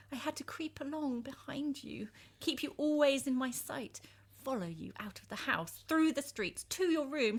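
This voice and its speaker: Brief: woman voicing a passionate jealous lover, bright and high, swinging between tenderness and bitterness. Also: exaggerated voice. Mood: bitter. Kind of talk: dramatic reading of a verse epic.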